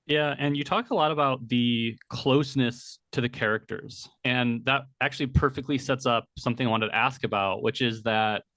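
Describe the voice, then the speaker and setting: A man with a middle-pitched voice hosts an interview, laying out long, carefully built questions. His voice sounds dry and close, with no room around it. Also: steady tone, normal speed, few pauses, a bit bright, no echo. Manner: articulate, long detailed questions. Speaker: interviewer host.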